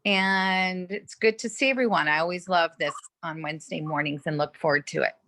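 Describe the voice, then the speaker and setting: A woman's voice: on the low side, fairly quick, pushed and bright. Upbeat woman from Boston on a phone. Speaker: hospital staff. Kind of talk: casual chat on a video call.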